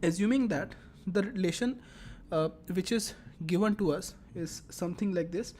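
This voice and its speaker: A woman's voice: fairly low pitch, moderate pace, dark tone, a little hiss or hum. A woman teaching a lecture, explaining step by step and repeating her phrases as she works through examples. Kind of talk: classroom lecture.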